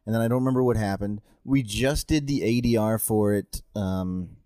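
A man's voice: on the low side, normal speed, warm tone, no room sound. A man, an actor, casually telling a story in chat and laughing at himself now and then. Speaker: actor, podcast co-host.

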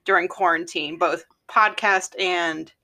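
A woman's voice: fairly low pitch, fairly even intonation, a little slow, sharp tone, slight background noise. A woman co-hosting a podcast in casual chat, chatty with frequent fillers and laughter. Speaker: podcast co-host.

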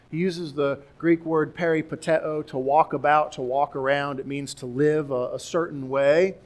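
A pastor preaching a sermon, explaining Bible verses and Greek words and repeating key words for emphasis. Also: male voice, on the high side, normal speed, few pauses.

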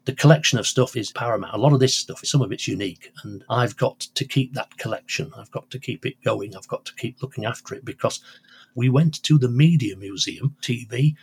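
A man's voice: medium pitch, brisk, creaky, husky. An older man, a radio presenter and collector, telling rambling anecdotes in an interview with many restarts. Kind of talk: conversational interview storytelling.

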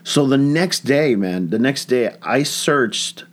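A man who is a comedian, telling a story in casual chat, animated and swearing freely, acting out quoted voices. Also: medium pitch, slow. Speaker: comedian and guest.

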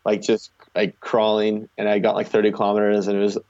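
Speaking briskly with a completely flat delivery, a young man from Canada shares rambling stories filled with "like" as a guest in a casual interview about his long-distance charity cycling. His pitch is fairly low and a little mellow, captured on a slightly muffled recording.

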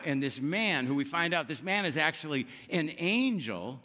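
Animated male preacher in an echoing hall. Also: medium pitch, normal speed. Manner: animated storyteller, acts out quoted lines. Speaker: pastor. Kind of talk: sermon.

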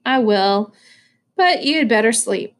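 A woman's voice: on the high side, lively intonation, slow. A woman reading aloud voices a caring, worried mother who fusses over her son. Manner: fussing, sighing.

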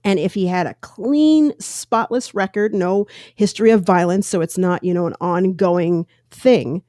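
A woman's voice: lowish voice, measured pace, dark tone, no echo, clean studio sound. A woman hosting a solo podcast, telling a news story and giving her opinions in a rambling, self-correcting way. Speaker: podcast host. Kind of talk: casual solo podcast commentary.

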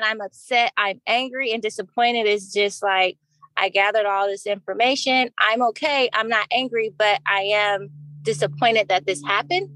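A woman's voice: fairly high pitch, fairly bright tone, dry recording. A woman co-hosting a casual podcast, asking probing follow-up questions. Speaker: podcast co-host, interviewer.

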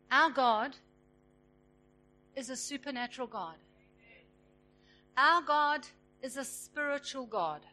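A woman preaching a sermon, retelling a story and acting out its characters with lively emphasis. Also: high-pitched. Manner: animated, acts out the characters with emphasis.

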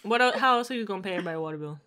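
Woman podcast co-host, casual recap chat, bright tone, animated delivery. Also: mid-range voice, very fast. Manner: animated, laughing, acts out quoted lines.

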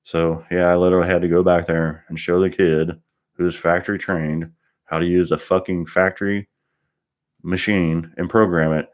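A man's voice: deep voice, little pitch movement, normal speed. A man, a car mechanic, ranting bluntly in a rambling monologue and swearing constantly.

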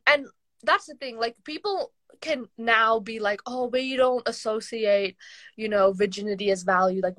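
A woman's voice: mid-range voice, a bit bright, no room sound. A young adult woman co-hosting a casual podcast chat, talking loosely with lots of "like" and restarts. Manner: chatty, heavy use of "like", trails off and restarts. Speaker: podcast co-host.

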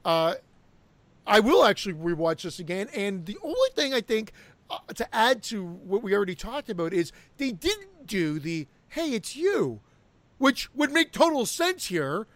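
A man co-hosting a podcast, talking in an animated, lively way in a casual movie review chat. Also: high voice, moderate pace, no room sound. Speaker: podcast co-host. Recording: dry close mic.

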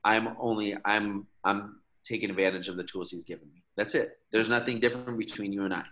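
Earnest, low-voiced man urging others on. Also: steady tone, a little fast, fairly bright tone. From Michigan. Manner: earnest, persuasive, with frequent restarts. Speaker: podcast guest, activist. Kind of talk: casual conversational interview.

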